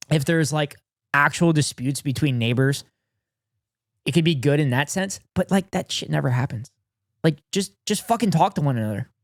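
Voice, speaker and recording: A man's voice: on the high side, no room sound, studio quality. A man streaming from home, reacting to videos in casual chat, swearing freely and telling stories. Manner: profane, riffing and storytelling.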